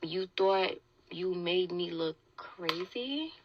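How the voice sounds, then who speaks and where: A young woman telling a story in a casual podcast chat, animated and indignant, acting out the quotes she tells. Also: lowish voice, slow, muffled recording, a little hiss or hum.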